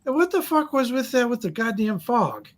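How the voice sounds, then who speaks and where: A man's voice: extremely high pitch, very animated, moderate pace, pitched above the performer's own voice. A man voicing a crude, drunk male mercenary in a tabletop game who is baffled by something strange. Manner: coarse, incredulous, swearing.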